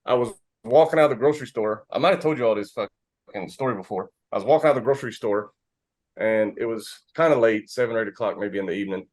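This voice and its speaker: Quick-paced and lowish in pitch, this American man co-hosts a podcast, spinning stories in loose, casual chat. He's animated in the telling and swears freely.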